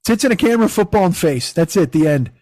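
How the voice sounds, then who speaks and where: Middle-aged man, fairly high voice, swearing and rambling, dry close mic. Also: quick pace, no echo. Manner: profane, rambling, animated storytelling. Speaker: podcast host. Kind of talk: casual chat.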